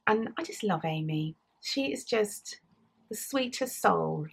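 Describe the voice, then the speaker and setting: An English woman hosting a knitting podcast, chatting casually to a camera at home and often trailing off into soft near-whispers. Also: medium pitch, animated, takes it slowly, creaky, slightly rough. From England. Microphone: camera mic.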